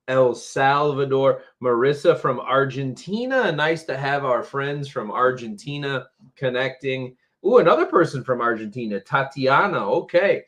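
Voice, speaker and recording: A man teaching English phrasal verbs on a live stream, patient and slow, repeating words for learners. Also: medium pitch. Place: home, Tampa area.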